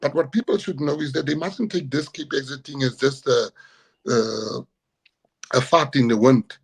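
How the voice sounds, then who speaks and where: Interviewed as a party leader, a middle-aged South African-accented man argues forcefully and combatively, repeating himself to drive his points in. His mid-range, husky voice has vocal fry and moves at a normal speed, though the audio is poor.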